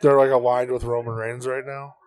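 A man co-hosting a casual podcast watch-along, excitable and swearing freely as he explains wrestling history. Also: mid-range voice, brisk, smooth, no echo, low-quality recording. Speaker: podcast co-host. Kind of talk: casual chat during a live watch-along.

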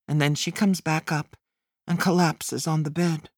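A woman narrating a first-person memoir as an audiobook, in a measured, plain storytelling manner. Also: low voice, fairly even intonation, dry recording, clean studio sound.

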